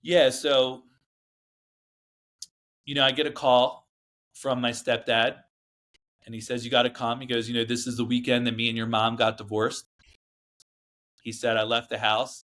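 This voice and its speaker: A man's voice: medium pitch, little pitch movement, normal speed, long pauses, fairly bright tone. A man, a podcast guest, telling a personal story in a casual, earnest way, with lots of fillers and restarts.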